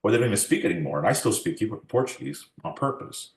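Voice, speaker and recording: Guy in his 40s telling old family stories, lowish voice, kinda echoey room. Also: sing-song, fast talker, gravelly. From United States. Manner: reflective storytelling, acts out quoted dialogue. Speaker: interviewee. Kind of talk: oral history interview.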